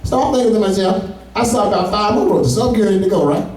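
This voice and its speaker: High-voiced male comic, echoey and distant. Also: lively intonation, quick pace, a little mellow. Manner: profane, loose storytelling with asides to the audience. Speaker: stand-up comedian. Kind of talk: stand-up comedy set. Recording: echoey room, far from mic.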